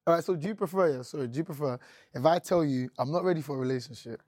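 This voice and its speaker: A man's voice: on the high side, very fast, a little mellow, no room sound, studio quality. A young man, bantering defensively and animatedly in a casual group chat.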